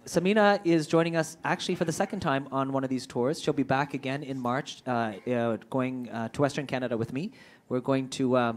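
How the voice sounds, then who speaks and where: A man's voice: medium pitch, fairly quick. A man moderating a business forum, introducing speakers in a joking, chatty way. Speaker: event moderator. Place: conference room before an audience.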